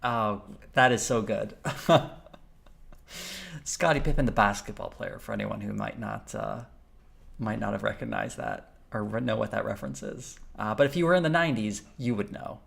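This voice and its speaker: A man comments on a live stream in a chatty, rambling way. His voice sits low and has a gravelly creak. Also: moderate pace, a bit bright.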